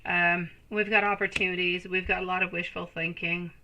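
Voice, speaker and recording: Bright-voiced woman reading tarot live. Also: on the low side, flat delivery, moderate pace, highs cut off, slight background noise. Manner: affectionate, calls viewers pet names; soothing, reassuring. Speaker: tarot reader.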